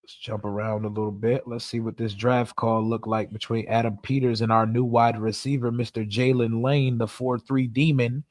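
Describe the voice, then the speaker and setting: Excitable male streamer, loose slangy talk, dry close-miked audio. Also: medium pitch, normal speed, hardly any pauses, dry recording. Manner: excitable, casual slang and swearing. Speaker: streamer host. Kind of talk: live draft reaction stream.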